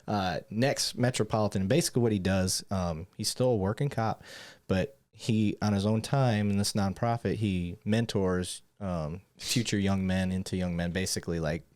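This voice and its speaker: A man's voice: sits low, steady tone, moderate pace, a little mellow. A man with a northern US accent hosting a podcast, chatting casually with a rambling, self-correcting manner and frequent laughs. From Michigan. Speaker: podcast host.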